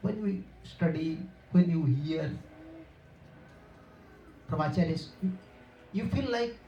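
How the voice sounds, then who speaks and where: A man giving a sermon to devotees, telling stories and chuckling, often halting to search for words and restarting his sentences. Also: fairly high pitch, vocal fry, mellow, slight background noise. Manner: storytelling with chuckles. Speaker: monk preaching to devotees. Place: lecture room. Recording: roomy, distant and dull-sounding room recording.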